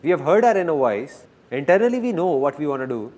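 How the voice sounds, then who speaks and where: A man's voice: on the high side, very animated, quick pace, darkish tone. A man from India giving a motivational seminar talk, earnest and often putting questions to the audience. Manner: earnest, asks the crowd questions. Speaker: motivational speaker.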